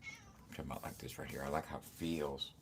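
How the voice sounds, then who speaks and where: A man's voice: extremely low pitch, huge pitch swings, fast talker, creaky, noisy background. A man vlogging from a print shop, talking casually and profanely to his viewers in a rambling, repetitive way. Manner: profane, rambling, repeats himself. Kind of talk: casual motivational talk to camera.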